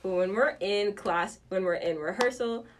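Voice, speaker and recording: A woman's voice: mid-range voice, moderate pace. A young woman appearing as a podcast guest in casual chat, rambling, hesitant and self-deprecating. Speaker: guest actor.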